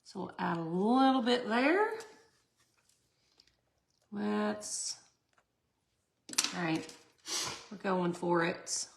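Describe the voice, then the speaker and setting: A woman's voice: mid-range voice, extremely slow, vocal fry, long pauses, slight background noise. A chatty middle-aged woman, hosting a casual craft tutorial and talking to her viewers. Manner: chatty, laughs often, talks to viewers. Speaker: resin art tutorial host.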